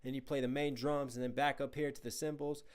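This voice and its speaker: A man talks through a rap track as a reaction host, eager and analytical. His voice sits at a middle pitch for a man, and he breaks into scat syllables to show a flow. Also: flat delivery, a little fast, clean tone. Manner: enthusiastic, analytical, imitates flows with scat syllables. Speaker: reaction video host, rapper. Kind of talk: casual music breakdown commentary.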